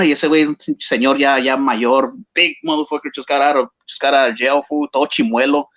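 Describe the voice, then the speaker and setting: A man's voice: mid-range voice, fairly even intonation, brisk, few pauses, fairly bright tone, lo-fi sound. A man with a Chicano English accent telling a story casually, slangy and mixing English with Spanish.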